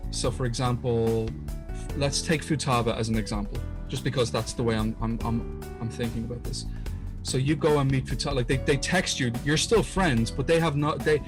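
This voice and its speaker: A man's voice: medium pitch, moderate pace, music in the background. A man co-hosting a podcast, earnestly retelling a story in casual chat, often restarting his sentences. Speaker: podcast co-host.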